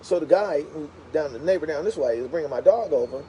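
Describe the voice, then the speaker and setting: A man telling a casual, animated story to viewers of his livestream. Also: on the high side, fast talker, dull audio. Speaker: live streamer.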